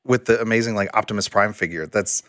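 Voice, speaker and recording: A man's voice: lowish voice, fast, a bit bright, dry recording, studio quality. A young man co-hosting a podcast, chatting eagerly with lots of fillers and restarts. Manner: enthusiastic, chatty, many fillers. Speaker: podcast co-host. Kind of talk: casual chat.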